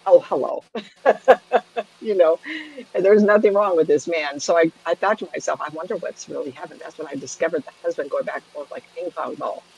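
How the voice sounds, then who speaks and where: Husky-voiced chatty woman medium. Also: low voice, fairly quick, dull audio. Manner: chatty, laughs often, lively asides. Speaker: psychic medium. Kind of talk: storytelling to a camera.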